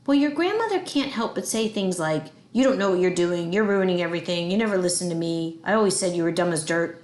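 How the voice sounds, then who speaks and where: A woman voicing a patient, understanding mother who explains things calmly. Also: lowish voice, fast talker, echoey room, close to an everyday voice. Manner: calm, explaining.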